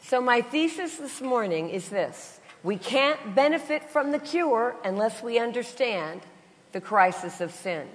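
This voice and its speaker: A woman with a cold delivers a Christian sermon packed with funny travel stories, doing voices and laughing between lines. Her voice is a little high and animated, and her pace is measured. A long reverb fills the recording, as in a large hall.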